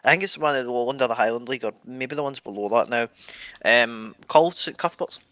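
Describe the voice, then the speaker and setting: A man's voice: mid-range voice, fast, a bit bright, no room sound. A man co-hosting a history podcast, reading passages aloud and adding dry jokes. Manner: reads passages then jokes dryly. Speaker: podcast co-host.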